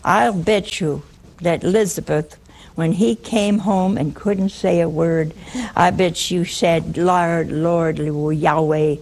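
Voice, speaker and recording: A woman's voice: on the low side, slow, darkish tone. A woman preaching a humorous sermon in a wry, teasing way, often putting questions to her listeners.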